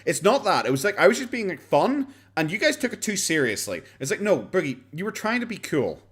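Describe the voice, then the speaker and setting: A man's voice: high voice, very animated, a little fast, fairly bright tone, slightly rough. An Irish man reacting to a video on a home stream, sarcastic and sweary, full of fillers. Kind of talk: casual reaction commentary.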